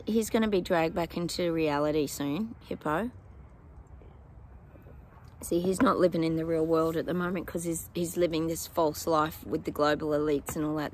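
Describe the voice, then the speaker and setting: A woman's voice: on the low side, slight background noise. A woman giving psychic predictions to her viewers in a casual, chatty way, with many ums and apologetic asides.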